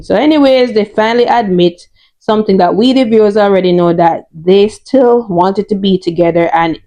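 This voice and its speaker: A woman in her thirties talks through a soap opera episode in a loose, chatty recap. She keeps tossing in "you know" and "right?" and offers her own opinions as she goes. Her voice sits at an ordinary middle pitch for a woman. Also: mellow. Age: 30s.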